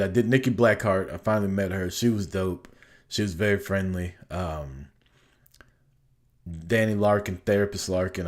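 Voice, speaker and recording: A man co-hosting a podcast, telling a profane, animated story in casual chat. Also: lowish voice. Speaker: podcast co-host.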